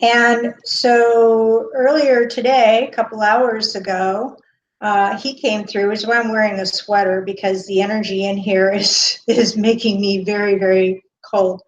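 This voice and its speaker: A woman hosting a live stream as a medium. She talks off the cuff with many pauses and fillers, and greets chat viewers by name. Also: mid-range voice, little pitch movement, slight background noise. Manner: hesitant, with frequent pauses and fillers. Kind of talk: unscripted live-stream talk. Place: indoor room. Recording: dull lo-fi webcam audio.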